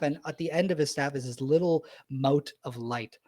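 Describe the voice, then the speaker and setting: A man narrating a tabletop game as the game master, describing events in a casual, animated way. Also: on the high side, moderate pace, no room sound.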